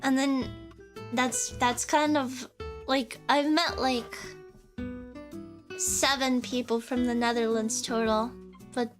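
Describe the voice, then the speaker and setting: High-voiced young woman rambling giggly. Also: little pitch movement, slow, pauses often, over music. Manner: rambling, giggly, self-interrupting. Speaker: streamer. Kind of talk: casual chat.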